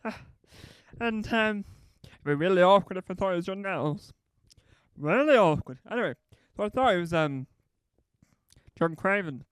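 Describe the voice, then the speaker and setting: A man's voice: high-pitched, lively intonation, moderate pace, clean tone, no echo. A man doing stand-up comedy, telling a meandering anecdote that keeps correcting itself and acting out both sides of conversations.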